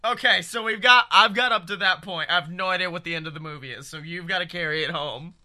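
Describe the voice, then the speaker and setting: A man co-hosting a comedy podcast, pitching an absurd story in an excitable, rambling way with heavy swearing. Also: fast talker. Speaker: podcast co-host.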